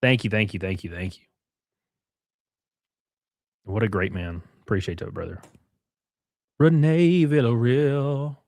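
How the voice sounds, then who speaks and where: A man's voice: deep voice, fairly even intonation, normal speed, creaky, pauses often, dry recording, studio quality. A man hosting a casual livestream, talking bluntly with plenty of swearing and reading out viewer messages. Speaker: livestream host.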